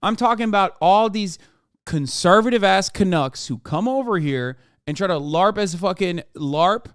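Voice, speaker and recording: A man's voice: high voice, lively intonation, moderate pace, clean tone, no echo, studio quality. A man streaming a sarcastic, profane rant while reacting to news articles. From United States. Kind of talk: ranting commentary.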